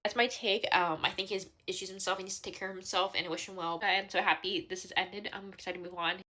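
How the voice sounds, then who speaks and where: Fast-talking young woman vlogging tearfully. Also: medium pitch, steady tone, pushed and bright. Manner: rambling, breathless and scattered. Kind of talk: emotional get-ready-with-me confessional.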